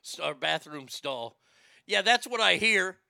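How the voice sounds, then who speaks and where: A man's voice: high-pitched, animated, measured pace, gravelly, sharp tone, no echo, clean studio sound. A man hosting a comedic talk show, laughing often and stammering as he jokes crudely. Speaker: radio show host.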